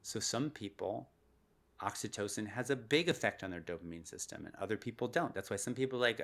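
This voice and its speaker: A man being interviewed on a podcast as a neuroscientist, explaining in an animated way and laughing often. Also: lowish voice, brisk. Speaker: guest neuroscientist.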